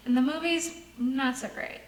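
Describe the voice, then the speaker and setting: A woman's voice: high voice, normal speed. A female co-host in upbeat, chatty casual conversation. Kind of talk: casual chat. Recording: echoey room with faint noise.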